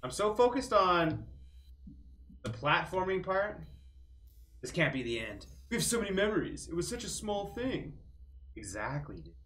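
Animated young man streaming a game. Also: high-pitched, normal speed, long pauses, slight background noise. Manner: animated, jokey, swears casually. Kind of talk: let's-play commentary, reading game text aloud.

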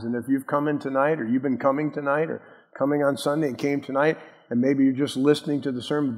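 A man's voice: a little high, husky. Earnest male pastor preaching in a reverberant hall. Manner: earnest, emphatic preaching with questions to the congregation. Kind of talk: sermon. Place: church sanctuary.

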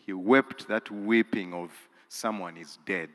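A man preaching a sermon in a large cathedral, swinging from hushed lines to loud, emphatic peaks and repeating words for emphasis. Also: low voice, steady tone, measured pace, few pauses. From Uganda. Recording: long hall reverb.

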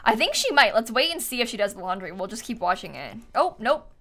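A woman's voice: fairly high pitch, very animated, fast, fairly bright tone. A woman streamer chatting casually while playing a game, laughing often and thanking viewers for donations. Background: faint background music.

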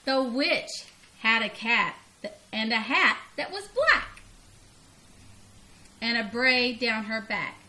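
A woman's voice: fairly high pitch, takes it slowly, long pauses. A grandmother reading a children's storybook aloud expressively, laughing and leaping up on the cries. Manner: expressive, laughing, big vocal jumps on cries.

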